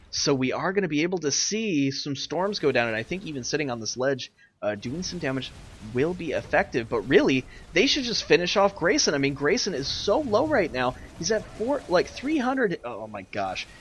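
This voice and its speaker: A young man casting a live online strategy game, ranting and exasperated, swinging between loud outbursts and muttered asides. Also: mid-range voice, slight background noise. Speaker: game caster and streamer.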